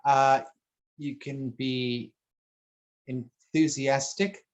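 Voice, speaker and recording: A man talking casually one on one, rambling and halting, restarting his sentences and swearing bluntly now and then. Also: medium pitch, fairly even intonation.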